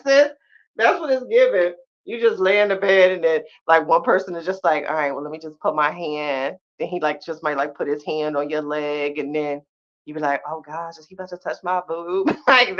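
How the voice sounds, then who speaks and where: A sassy woman host chatting on a live podcast stream, laughing often and stretching her exclamations. Her voice sits a little low. The sound is slightly muffled and lo-fi. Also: a bit bright. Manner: drawn-out exclamations and slangy asides. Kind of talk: casual live-stream chat, reacting to viewers.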